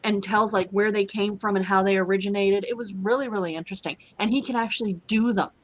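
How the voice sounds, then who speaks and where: A woman co-hosting a casual chat, enthusiastic and quick to laugh. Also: medium pitch, steady tone. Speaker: co-host.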